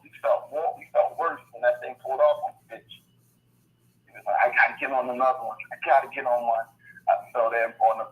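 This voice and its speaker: A man in his fifties casually telling a family story on a group call, acting out quotes with lots of fillers. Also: mid-range voice. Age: 50s. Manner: animated storyteller, acts out quotes, many fillers. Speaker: mastermind call participant. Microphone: phone. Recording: phone-line audio.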